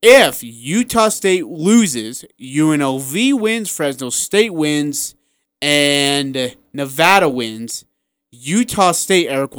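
Excited sports radio guy, kinda high voice, dry studio sound, acts out the coaches. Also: clean tone, no echo. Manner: excitable, animated storyteller who acts out quotes. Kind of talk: casual sports talk.

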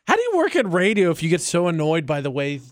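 A man co-hosts a radio show from the studio, trading playful, argumentative banter with his partner. His voice sits a bit high and swings widely in pitch. The studio microphone sound is close and dry. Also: huge pitch swings, fast talker, dry recording. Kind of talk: casual morning radio banter.

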